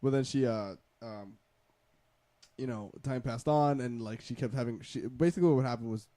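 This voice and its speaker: A man's voice: mid-range voice, normal speed, mellow, no echo. A man in casual chat, rambling through a personal story with many restarts. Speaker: podcast co-host.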